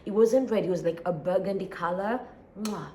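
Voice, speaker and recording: A woman's voice: medium pitch, brisk, a little hiss or hum. Sleepy East African woman vlogging. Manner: relaxed, rambling, sighs and laughs often. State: sleepy and tired. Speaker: daily vlogger. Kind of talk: casual chat.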